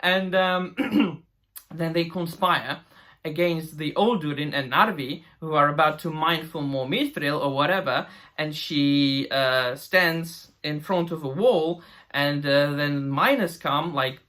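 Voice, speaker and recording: A man's voice: fairly high pitch, slow pace, pushed and bright. A man reviewing a fantasy show in an exasperated, sarcastic rant, swearing now and then. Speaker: YouTube reviewer.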